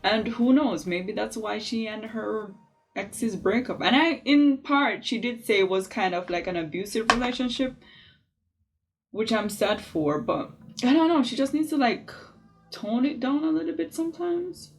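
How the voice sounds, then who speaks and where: A woman's voice: on the high side, a little slow, soft background music. Chatty opinionated woman vlogging over makeup. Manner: chatty, opinionated, lively asides. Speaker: beauty vlogger. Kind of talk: casual makeup tutorial chat.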